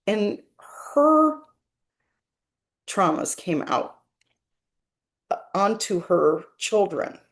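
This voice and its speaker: A woman working as a spiritual medium, gently and earnestly explaining a message in a reflective monologue. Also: fairly low pitch.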